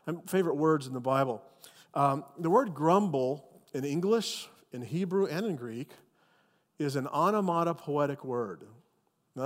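A male pastor preaching a sermon with animated, emphatic storytelling. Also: fairly high pitch, big-room sound.

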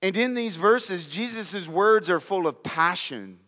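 A pastor preaching in a slow, deliberate way, his voice sitting high for a man. He leans on key words with earnest emphasis. The long reverb of a church hall trails after each phrase. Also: lively intonation, sharp tone. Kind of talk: sermon.

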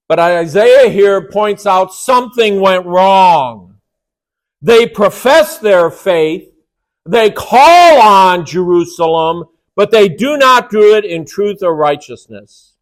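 Man, pastor, sermon, slow delivery, slightly high voice, emphatic. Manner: emphatic, rhetorical questions.

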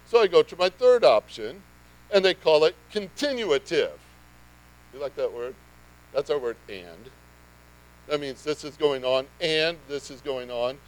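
A man's voice: mid-range voice, rough recording. A man preaching a sermon in a conversational way that builds to emphatic bursts. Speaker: pastor.

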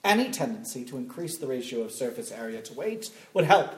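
A man reading a passage aloud in a put-on, deliberately awful English accent. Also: mid-range voice, very animated, voice pushed down, lightly acted. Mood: mock formal. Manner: deliberately clumsy, overdone reading. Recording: echoey room.

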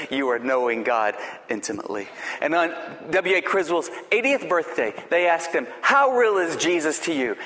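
Man preaching in an echoing hall. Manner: swings from loud rising exhortation to hushed low emphasis. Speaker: pastor. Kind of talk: sermon. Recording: long reverb of a large hall.

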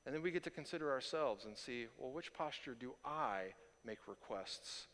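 A man preaching a sermon as pastor, animated and often repeating words as he builds a point. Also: medium pitch, normal speed, long reverb tail. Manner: animated, repeats words when excited, self-correcting.

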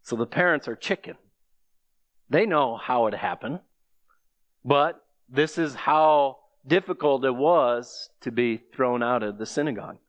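A man's voice: mid-range voice, unhurried, lo-fi sound. A man preaching a sermon, reading scripture aloud and pressing the listeners with rhetorical questions. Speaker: pastor.

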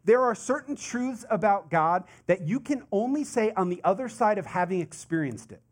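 A man preaching a sermon in a conversational, animated way, full of asides and rhetorical questions. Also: high-pitched, normal speed. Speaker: pastor.

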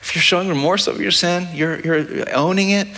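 A man's voice: high-pitched, a little fast, bright, forceful tone. A man preaching a sermon as pastor, talking in a conversational, practical way and often checking in with the listeners by asking "right?". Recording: long church-hall reverb.

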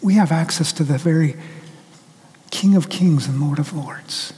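High-voiced preacher in a reverberant hall. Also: male voice, measured pace, mellow. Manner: storytelling preacher who acts out quotes. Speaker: pastor. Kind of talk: sermon.

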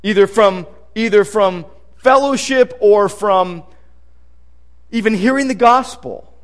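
A man's voice: sits high, takes it slowly. A male pastor preaching a sermon in a conversational, emphatic way, reading scripture aloud as he goes.

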